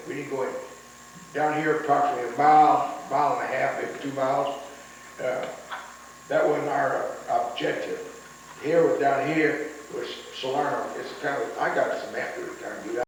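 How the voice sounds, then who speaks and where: An older veteran man tells rambling wartime stories, repeating words and acting out what others said. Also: medium pitch. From United States. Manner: rambling storyteller, repeats words, acts out quotes. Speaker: veteran interviewee. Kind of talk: oral history recollection. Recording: echoey room, distant mic, faint noise.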